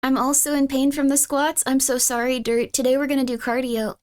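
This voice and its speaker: This live streamer rambles casually with a flat, slightly mellow delivery at a somewhat fast clip. Reacting to chat, she lets out abrupt high squeals and her pitch swings widely.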